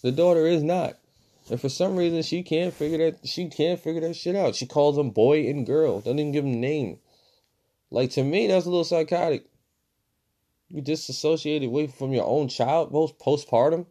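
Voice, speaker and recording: A man giving a casual, profane movie review, swinging between loud outbursts and low mutters. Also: normal speed.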